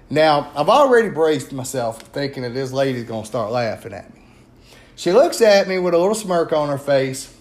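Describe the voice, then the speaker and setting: A man with a Louisiana accent, a paranormal investigator telling a story in a chatty, animated way with many fillers. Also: fairly high pitch, moderate pace. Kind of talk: casual storytelling.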